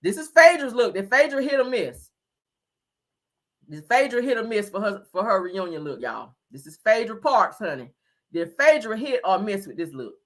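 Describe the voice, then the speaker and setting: A woman's voice: medium pitch, very animated, normal speed. A woman hosting a casual livestream, giving blunt, sassy fashion commentary and talking straight to her chat. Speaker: livestream host.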